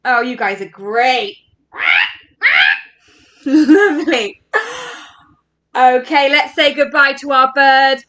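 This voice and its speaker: A woman's voice: sits high, flat delivery, unhurried, hardly any pauses, bright, forceful tone. A woman leading an interactive story workshop for children, talking in a playful, encouraging, sing-song way.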